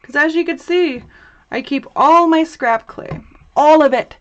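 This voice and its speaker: A woman's voice: high-pitched, unhurried, lo-fi sound. Chatty young woman hosting a craft livestream. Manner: chatty and bubbly, reads chat aloud, laughs often. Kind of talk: live crafting tutorial chat.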